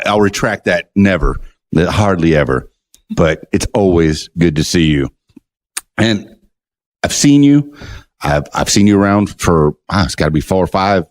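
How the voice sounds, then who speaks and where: A man hosting a casual podcast interview, chatty and joking, often restarting his words. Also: low voice. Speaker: podcast host.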